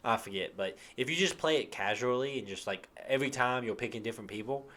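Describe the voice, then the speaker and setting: A man's voice: medium pitch, fast, a bit bright. A man co-hosting a casual gaming podcast, talking enthusiastically, swearing freely and sometimes humming tunes. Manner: enthusiastic, swearing, hums tunes and acts out quotes. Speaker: podcast co-host.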